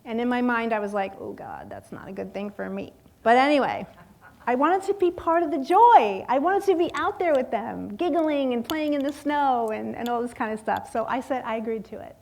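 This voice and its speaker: A woman in her fifties telling a lively personal story in a sermon, acting out voices and laughing often. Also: a little high, brisk. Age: 50s. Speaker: guest speaker at a church service.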